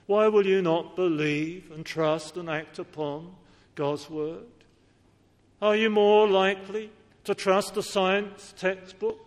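A man's voice: sits high, steady tone, takes it slowly. A man preaching a sermon in an earnest, pleading way, pressing his listeners with questions. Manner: earnest, pleading, rising to emphatic appeals. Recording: long reverb of a large hall.

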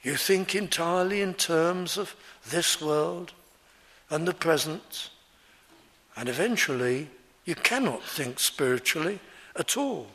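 Slow, measured male preacher. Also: a little high, lively intonation, a bit bright. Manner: measured, earnest, explains verse by verse. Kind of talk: expository sermon on scripture.

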